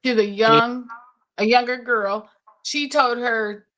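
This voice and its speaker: Bright-voiced woman telling a story. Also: fairly high pitch, slow. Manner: animated storytelling with quoted voices. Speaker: podcast co-host. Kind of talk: casual chat.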